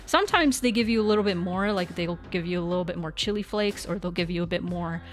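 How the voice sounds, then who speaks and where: A woman's voice: on the low side, fast. A young woman streamer chatting casually through a sponsor read, rambling with lots of fillers and restarts.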